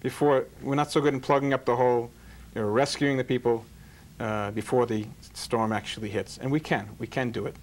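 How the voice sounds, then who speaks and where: A man's voice: medium pitch, steady tone, a little fast, hardly any pauses. A man who is a rabbi hosting an interview show, telling jokes and parables in a folksy, sermon-like way. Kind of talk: sermon-like storytelling monologue.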